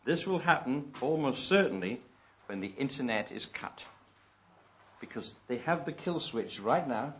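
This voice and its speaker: A preacher man delivering a sermon from a dull, lo-fi recording. His voice sits at a middling pitch and moves from relaxed, chatty asides to slow, pressed emphasis on key points. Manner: conversational, swelling to emphatic stresses.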